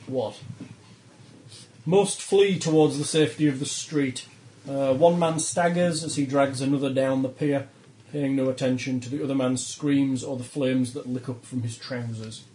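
A man's voice: mid-range voice, moderate pace, warm tone, slight background noise, low-quality recording. A man running a tabletop role-playing session as game master, narrating the scene with frequent ums and uhs.

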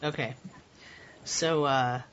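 A man narrating as game master of a tabletop game over a voice call, in a relaxed, rambling way with frequent chuckles. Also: mid-range voice, slow. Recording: dull lo-fi voice call audio.

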